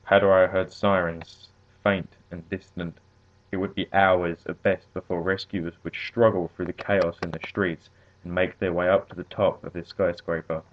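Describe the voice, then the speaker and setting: A man reading a story aloud as narrator, in a steady, measured way. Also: low voice. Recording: tinny phone-like audio.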